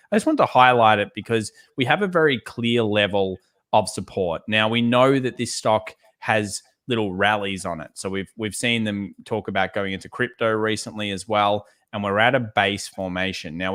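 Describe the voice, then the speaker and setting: A man co-hosting a live trading show, talking through charts in a relaxed way and repeating words for emphasis. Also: lowish voice. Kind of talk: live market analysis chat.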